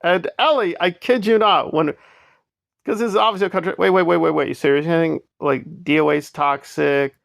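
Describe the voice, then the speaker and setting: A man's voice: a little high, fairly quick, gravelly, fairly bright tone, no room sound, clean studio sound. A man giving sarcastic, scornful commentary on online drama.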